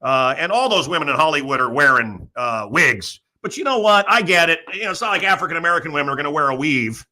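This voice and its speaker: A man's voice: fairly high pitch, expressive, fast, few pauses, sharp tone. A man hosting a talk show, delivering a sarcastic, ranting comedic monologue full of mocking asides. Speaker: radio show host.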